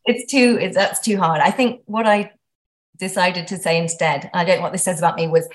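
A woman's voice: fairly low pitch, fairly even intonation, a little fast. A woman guest in a casual interview, chatty and self-deprecating, often restarting her sentences.

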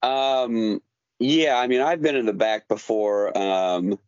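A man guesting on a podcast, hesitant and hedging, often stopping to correct himself. His voice sits at an average pitch. The sound is dry and close, with a dull, lo-fi quality. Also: fairly even intonation, takes it slowly, darkish tone, clean tone, no room sound. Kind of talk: casual podcast chat.

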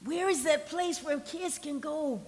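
A woman pastor, preaching a sermon in a conversational style that sometimes drops to a soft near-whisper for emphasis. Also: high-pitched, a little slow, in a large hall. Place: church sanctuary.

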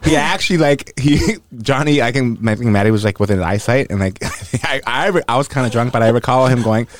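A man co-hosting a podcast, chatting in a lively way with frequent laughs and halting restarts. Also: medium pitch, no room sound. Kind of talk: casual chat.

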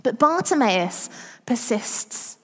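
A woman's voice: fairly high pitch, sing-song, slow pace, fairly bright tone. A woman giving a chatty, self-deprecating church talk as preacher. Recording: long reverb of a church hall.

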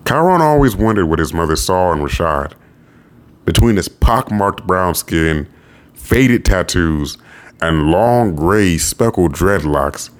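A man narrating a novel audiobook in a steady storytelling voice. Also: deep voice.

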